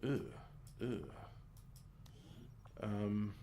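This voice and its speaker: A man's voice: lowish voice, expressive, extremely slow, dark tone, slight background noise. A man giving rambling, joking let's-play commentary, muttering asides and mocking himself as he sets up his game. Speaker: gaming video host.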